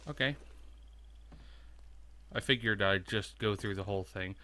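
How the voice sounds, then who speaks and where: A man's voice: on the low side, unhurried, bright, forceful tone. A man hosting a let's play, casually thinking aloud and swearing as he plays. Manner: profane, rambling, thinking aloud. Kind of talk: casual gameplay commentary.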